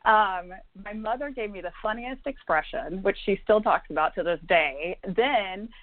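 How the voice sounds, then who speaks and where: A woman's voice: mid-range voice, normal speed, no echo. A woman from Indiana, a psychic medium guest, telling a personal story in an interview with fillers and laughs. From Indiana, USA. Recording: tinny phone-like line, dry.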